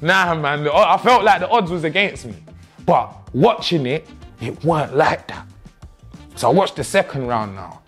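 A man, telling the story of his own boxing match in a slangy, animated, self-mocking way. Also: mid-range voice. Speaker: boxer reviewing his own fight. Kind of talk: casual storytelling commentary.

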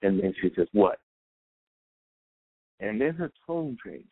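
In a tinny, phone-like dry recording, a podcast host narrates a long personal story, rambling through anecdotes and quoting both parties. His lowish, slightly rough voice is very animated, yet he talks a little slowly and pauses often.

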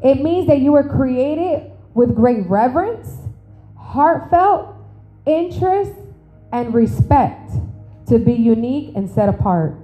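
A woman preaching to a church, telling a funny story with animated acted-out dialogue, then slowing to emphatic phrasing on scripture. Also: high voice, soft background music, poor audio. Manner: animated, humorous, acts out conversations. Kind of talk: sermon with storytelling. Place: church service.

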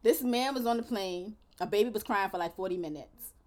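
Animated woman podcast co-host. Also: mid-range voice, brisk. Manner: animated storyteller, laughing often. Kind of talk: casual chat.

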